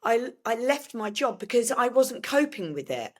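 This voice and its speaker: Older woman, halting speech, repeats words, lots of fillers, bright higher voice. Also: sing-song. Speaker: podcast guest. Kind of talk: emotional personal conversation.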